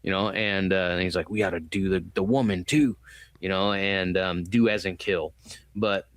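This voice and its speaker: Studio-quality audio with no echo captures a low male voice, fairly even in intonation and moderate in pace. He co-hosts a podcast, drifting casually through a film review with plenty of swearing and acted-out quotes.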